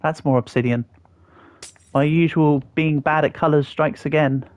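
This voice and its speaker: A man's voice: on the high side, steady tone, moderate pace, no room sound, lo-fi sound. An English man in his thirties, chatting casually on a live stream and answering viewers' comments as he builds. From England. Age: 30s. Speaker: livestreamer.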